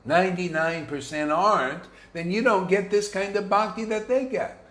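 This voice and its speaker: A man's voice: high-pitched, normal speed, a bit bright, roomy sound. A man preaching an informal devotional sermon to his students, blunt and combative, full of slang and restarts. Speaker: spiritual teacher.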